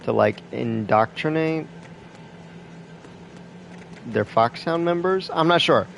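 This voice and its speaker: A man's voice: on the high side, animated, slow, vocal fry, slight background noise. Rambling, cussing young gamer guy. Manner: rambling, profane, trailing fillers. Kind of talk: casual gameplay commentary.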